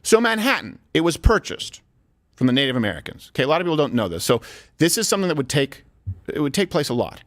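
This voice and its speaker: A man hosting a talk show, giving opinionated comedic commentary in a sarcastic, animated way that slips into acted-out dialogue. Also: a little high, fast.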